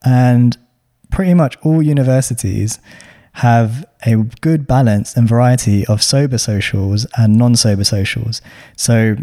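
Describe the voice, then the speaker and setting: A man's voice: mid-range voice, unhurried, mellow. A man, hosting a podcast and giving chatty, slang-filled advice to students. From London. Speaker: podcast host. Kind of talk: casual advice chat.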